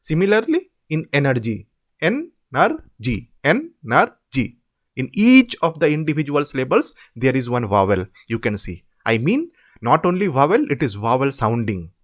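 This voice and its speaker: A man, tutoring students through assignment answers, slowly drawing out example words to demonstrate them. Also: mid-range voice, big pitch swings. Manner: drawn-out demonstration words, repetitive. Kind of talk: informal screen-share explanation.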